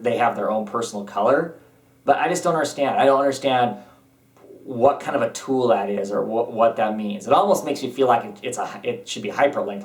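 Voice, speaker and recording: A man giving a casual spoken review, rambling and hesitant, with many pauses and restarts as he thinks aloud. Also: mid-range voice, roomy sound, distant mic. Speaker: comic book reviewer.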